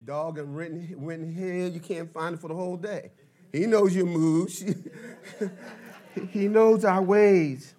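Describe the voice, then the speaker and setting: Preacher, man in his fifties, fairly high voice, fervent and emphatic with shouted peaks and playful asides. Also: measured pace. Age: 50s. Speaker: pastor. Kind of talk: sermon.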